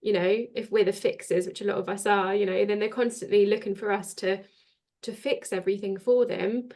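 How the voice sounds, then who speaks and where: A woman's voice: medium pitch, fairly even intonation, a little fast. A woman guest on a podcast talking reflectively about respect and letting people go, sometimes losing her thread. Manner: reflective, loses her thread, soft-spoken. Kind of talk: casual spiritual chat.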